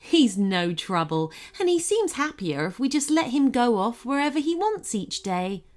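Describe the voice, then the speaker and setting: A woman's voice: on the high side, very animated, normal speed, pitched above the performer's own voice. Woman voicing a cheerful, chatty animal shelter keeper. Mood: friendly. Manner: warm, chatty and enthusiastic.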